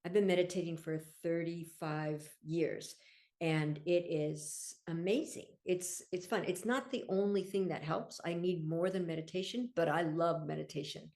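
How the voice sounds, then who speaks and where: A middle-aged woman, a podcast guest and coach, talking in an enthusiastic, gently explanatory way and laughing easily. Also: lowish voice, steady tone, normal speed. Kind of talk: casual interview chat.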